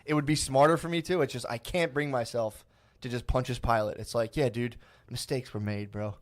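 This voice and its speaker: Speaking briskly in a steady, mid-range voice, this podcast co-host chats casually, wandering off on tangents, poking fun at himself, and frequently starting sentences over.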